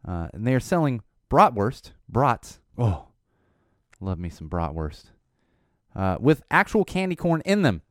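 A middle-aged man hosting a podcast, rambling casually with lots of fillers, his voice a little hoarse and tired. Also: mid-range voice, measured pace, no echo, clean studio sound. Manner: rambling, animated, frequent "uh" fillers. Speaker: podcast host. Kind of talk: casual solo chat.

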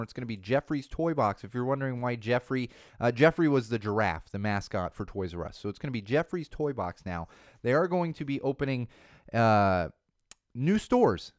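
Casual male podcast host, smooth voice. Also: medium pitch, no echo, clean studio sound. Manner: rambling, lots of fillers and restarts. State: slightly losing his voice.

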